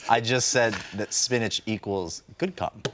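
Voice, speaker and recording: A man co-hosting a casual podcast chat, giving deadpan mock explanations. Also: lowish voice, a little slow, background noise. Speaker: podcast co-host.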